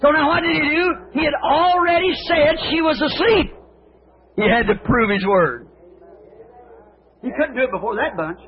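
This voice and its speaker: High-voiced man preaching on tinny tape. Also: a little fast. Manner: fervent storytelling, acting out scripture scenes; rhetorical questions to the congregation. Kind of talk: sermon. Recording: tinny lo-fi old sermon tape with faint hiss.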